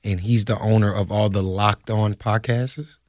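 A man's voice: on the low side, steady tone, measured pace, darkish tone, no echo, studio quality. A man co-hosting sports talk radio, chatty and agreeable, laughing along. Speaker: radio host. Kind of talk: casual sports radio chat.

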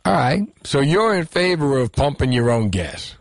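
A man's voice: medium pitch, sing-song, moderate pace, creaky. A man hosting a call-in radio talk show, sarcastic and mocking. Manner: sarcastic, mocking, puts on voices for politicians.

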